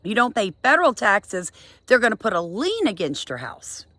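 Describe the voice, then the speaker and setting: A middle-aged woman scolds her viewers in an exasperated monologue, her voice jumping high on emphatic bursts. She sits at a middling pitch for a woman and sounds dry and close, with no room around her. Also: very animated, moderate pace, a bit bright, no echo. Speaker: homesteading vlogger. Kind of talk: impassioned monologue to camera.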